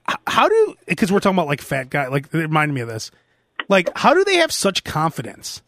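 A man's voice: high-pitched, a bit bright, no room sound, clean studio sound. A man, hosting a podcast in casual comedy banter, joking and putting on mock voices. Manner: jokey, puts on mock drawls. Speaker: podcast host.

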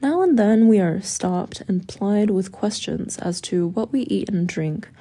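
A woman reads a memoir aloud as audiobook narration. Her tone is very dark and mellow, at a middling pitch. The reading stays measured and even, with quoted lines only lightly acted.

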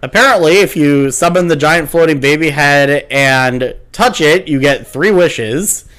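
A man's voice: fairly high pitch, clean tone. A man co-hosting a podcast, animatedly retelling cartoon plots in casual chat. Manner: animated retelling, puts on quick voices. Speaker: podcast co-host.

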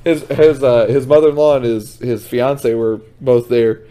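A young man with a middle-pitched voice chats easily as a podcast co-host. He is laid-back, agrees readily, and laughs along with his partner. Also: unhurried, dark tone. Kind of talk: casual chat.

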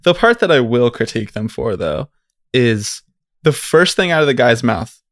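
A man's voice: mid-range voice, sing-song, moderate pace, dry recording. A man co-hosting a podcast in casual chat, who laughs often and quotes clips with dry humor. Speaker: podcast co-host.

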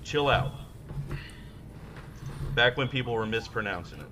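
A man's voice: medium pitch, expressive, unhurried, background noise. A man co-hosting a podcast, telling profane, rambling stories in casual chat. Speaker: podcast co-host.

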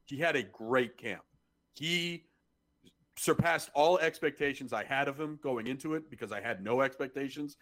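A man's voice: mid-range voice, normal speed, fairly bright tone. A man co-hosting a sports podcast, talking casually and growing exasperated, often repeating himself when worked up. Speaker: podcast co-host.

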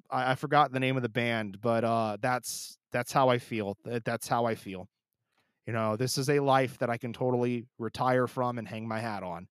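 Here a man with a smooth, medium-pitched voice rambles through a casual solo episode of his own podcast. He's emotional and teary, with many false starts. The mic is close and the sound dry.

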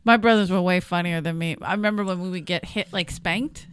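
A woman's voice: fairly low pitch, fairly quick, smooth, dry recording, clean studio sound. A woman in her forties hosting a casual podcast chat, laughing often and acting out quotes in her stories. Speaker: podcast host.

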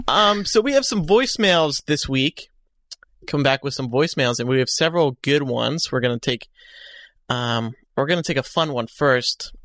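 A man's voice: medium pitch, animated, moderate pace, a bit bright, no room sound, clean studio sound. A man hosting a podcast in casual chat, leading segments with hesitant fillers. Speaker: podcast host.

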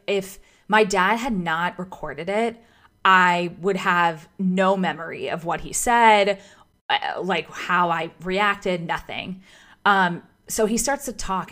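Gushing, chatty woman with a lowish voice. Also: a bit bright. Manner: chatty and gushing, full of "like" and restarts. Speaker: vlogger telling her proposal story. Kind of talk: casual storytime chat.

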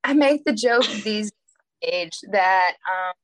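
A woman's voice: mid-range voice, lively intonation, slow pace. A woman guest on a podcast, talking casually in a direct, candid and playful way.

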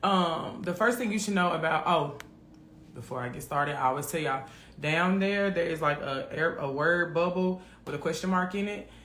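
A man hosts a live faith podcast in a loose, chatty way, often calling the audience "friend". His voice sits on the high side. The sound carries a noticeable room echo. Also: moderate pace, fairly bright tone, a little hiss or hum. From Memphis, USA. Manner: casual, keeps calling listeners "friend". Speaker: podcast host.

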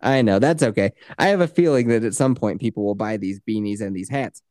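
A man's voice: lowish voice, brisk, darkish tone, dry recording, clean studio sound. A man co-hosting a podcast in casual chat, ranting animatedly and swearing freely. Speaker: podcast co-host.

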